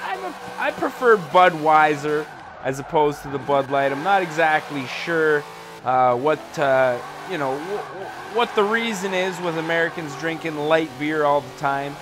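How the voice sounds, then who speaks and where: A man's voice: fairly high pitch, lively intonation, a little slow, noisy background. A young Canadian man giving casual, joking gameplay commentary from a home setup, rambling and full of fillers. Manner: laid-back, rambling, joking, lots of fillers. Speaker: gaming channel host.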